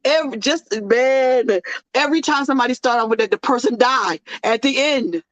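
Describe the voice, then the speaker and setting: A woman's voice: sits high, moderate pace, no room sound. A woman hosting her own show, talking casually in a joking, sermon-like style. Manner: animated, joking, sermon-like cadence. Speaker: host. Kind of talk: casual preachy talk show monologue. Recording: dull lo-fi dry sound.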